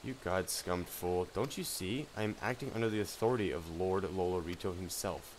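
A man's voice: deep voice, moderate pace, a little hiss or hum, lightly acted, poor audio. A man voicing a corrupt, greedy male guard captain in a game, sneering and contemptuous. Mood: scornful. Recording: game music loud underneath.

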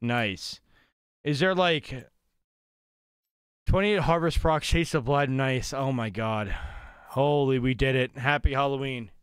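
A young man streaming a video game, commenting live as he plays and swinging between muttering to himself and shouting with excitement. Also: mid-range voice, slow pace, long pauses, clean tone, no room sound. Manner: excitable, swings from mumbling to yelling. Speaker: gaming streamer.

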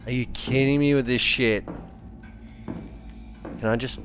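A let's player gives foul-mouthed gameplay commentary in a mid-range voice, steady in tone and slow in pace, with faint music behind him. He is jumpy, swears constantly, and shrieks when startled.

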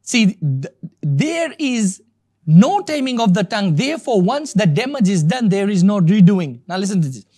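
A man's voice: high voice, big pitch swings, normal speed, dark tone. A man preaching a sermon. He is emphatic and repeats key words for stress.

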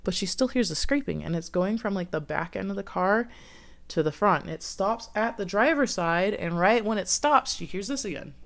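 A woman's voice: mid-range voice, expressive, normal speed, fairly bright tone. A woman casually telling a scary campfire story in a chatty way, full of fillers. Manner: chatty, filler-heavy, lots of "like".

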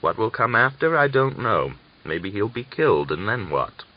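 A man voicing an aging peasant father, anguished and hot-tempered, pleading and rising to shouts, in a dull lo-fi recording. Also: lowish voice, very animated, moderate pace, voice pushed up. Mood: distressed.

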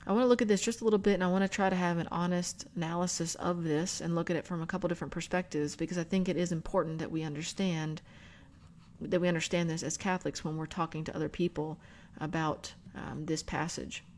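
A woman hosting a book club video, explaining scripture and spelling out words in an unhurried teaching manner. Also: fairly low pitch, fairly even intonation, a little mellow, a little hiss or hum. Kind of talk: bible study teaching.

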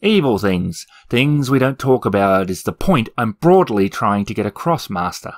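A man's voice: fairly low pitch, expressive, normal speed. A man voicing a nervous, shifty little demon who lives in a picture box and talks in an evasive mutter.

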